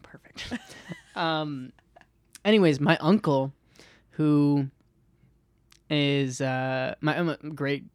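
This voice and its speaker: A young adult podcast host in loose, casual chat who wanders through tangents and restarts sentences, laughing along the way. The voice sits at a middling pitch, and the sound is close and dry with no room around it. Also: fairly even intonation, slow, pauses often, smooth, no echo. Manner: rambling, trails off and restarts, laughs often.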